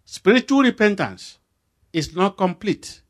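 Nigerian man, middle-aged preacher, higher voice, big swings for emphasis in storytelling sermon. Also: fairly quick. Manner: animated storytelling with voice rising sharply for emphasis.

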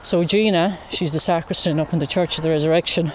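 A woman's voice: sits low, fairly even intonation, slight background noise. Irish woman chatting outdoors by a lake. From Ireland. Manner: chatty storyteller, unhurried. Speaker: interview guest, wildlife photographer. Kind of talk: casual chat.

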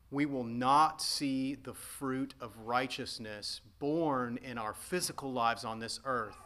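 A man's voice: medium pitch, fairly bright tone. A man preaching a sermon as pastor, earnest and emphatic, often repeating and restating his points.

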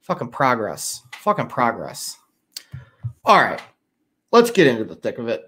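A man's voice: mid-range voice, huge pitch swings, measured pace, sharp tone, slightly rough. A middle-aged man from Chicago hosting a casual livestream, tired and rambling, with a lot of swearing. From Chicago area. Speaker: livestream host.

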